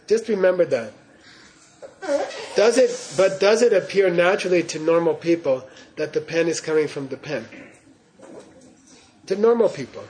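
A man's voice: on the high side, animated, normal speed, long pauses, darkish tone, slight background noise. A man giving a Buddhist teaching in class, in a playful way, often checking in with his listeners. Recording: roomy hall echo.

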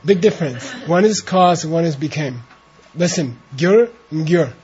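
A man leading a translation class, talking slowly and relaxed while he coaches pronunciation. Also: on the high side. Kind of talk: informal class talk with chanted reading. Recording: dull lo-fi classroom recording.

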